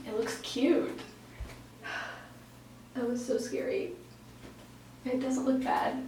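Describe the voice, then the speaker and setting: A woman's voice: sits high, level tone, slow, mellow, slight background noise. A teenage girl vlogging in a casual, nervous, giggly and rambling way. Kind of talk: casual vlog chat. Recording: echoey room, mic a bit far.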